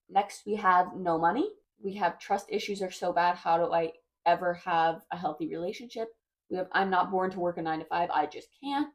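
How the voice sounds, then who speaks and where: A young woman in her twenties talks to her viewers in a loose, confessional way. Her voice sits a little low, and she rambles, circling back and hedging as she goes. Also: vocal fry, a little mellow. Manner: rambling, hesitant, full of "like" and "I don't know". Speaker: vlogger. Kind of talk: casual confessional chat.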